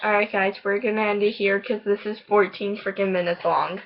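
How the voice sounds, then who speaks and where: A woman's voice: mid-range voice, fairly even intonation, fairly quick, highs cut off, noisy background. A teenage girl eagerly chatting and telling a story as co-host, laughing often. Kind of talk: casual storytelling chat.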